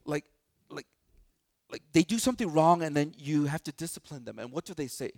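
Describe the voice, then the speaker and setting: A man preaching a sermon at a church, lively and joking, acting out quoted voices into a microphone. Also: a little high, brisk, vocal fry, no echo, studio quality. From Chicago, United States. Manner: animated, acts out quoted voices, joking asides. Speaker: pastor. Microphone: handheld or stand microphone.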